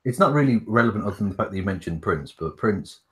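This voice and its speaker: A man's voice: fairly low pitch, lively intonation, fast, fairly bright tone. A man co-hosting an online chat show, talking with gushing enthusiasm. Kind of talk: casual chat.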